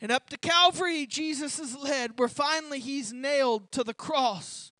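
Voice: high voice, normal speed, pushed and bright, dry recording. A preacher giving a sermon as a vivid dramatic retelling, often repeating words as they restart a thought.

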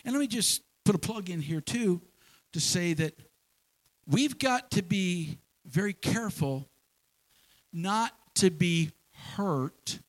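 A man preaching a sermon in a church, folksy and animated, with homespun examples and repeated phrases. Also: high voice, takes it slowly, rough recording. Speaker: pastor.

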